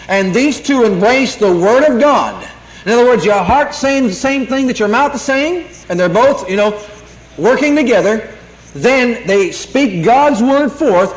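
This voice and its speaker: Male preacher, high-pitched, emphatic and repetitive, roomy echo. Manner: repetitive, emphatic scripture quoting. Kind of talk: sermon. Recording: echoey room, 1982 tape.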